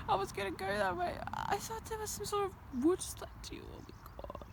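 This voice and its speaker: A woman's voice: extremely high pitch, vocal fry. A young woman chatting nervously to the camera while walking on a rural hill, often dropping to a whisper. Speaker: vlogger. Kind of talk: casual walking vlog. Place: outdoors on a rural hillside. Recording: noisy outdoor recording.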